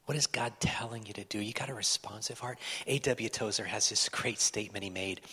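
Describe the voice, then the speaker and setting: A man's voice: on the low side, fairly quick, bright, forceful tone, slightly rough. A man preaching a sermon as pastor, earnest and pleading with his congregation. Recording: long reverb of a large hall.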